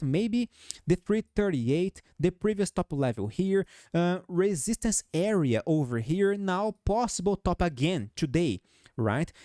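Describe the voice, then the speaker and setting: A man with a high, mellow voice and a noticeable foreign accent hosts a stock chart show, walking viewers through chart levels in technical commentary. He peppers his talk with "okay?", "right?" and "guys." The recording is dry with a clean studio sound.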